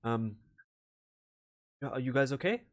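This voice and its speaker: Give me a man voicing a quiet, hesitant wizard who talks in a hush. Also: mid-range voice, expressive, unhurried, close to an everyday voice. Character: soft-spoken male wizard.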